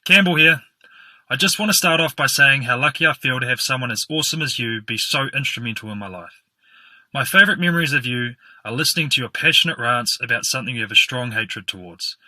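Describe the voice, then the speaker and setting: A young man, giving an upbeat, smoothly scripted tribute to his grandmother. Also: mid-range voice, animated, fast, pushed and bright, no room sound. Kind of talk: heartfelt family tribute message.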